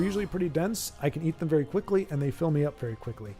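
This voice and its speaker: A man's voice: on the high side, expressive, quick pace, mellow, faint music behind. A man hosting a game live stream, chatting casually in a joking, rambling way.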